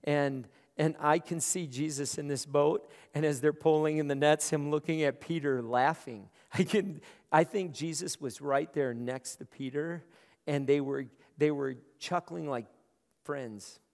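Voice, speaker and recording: A man's voice: on the high side, unhurried, a little mellow. A male pastor preaching a conversational sermon, often repeating words as he starts his phrases. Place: large room. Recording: long hall reverb.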